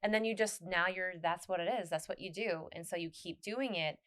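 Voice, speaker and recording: A woman with a fairly low voice hosts a loose, casual podcast chat. She rambles animatedly, stops and restarts her sentences often, and breaks into laughter. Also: brisk, fairly bright tone. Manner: rambling, many restarts and fillers. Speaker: podcast host.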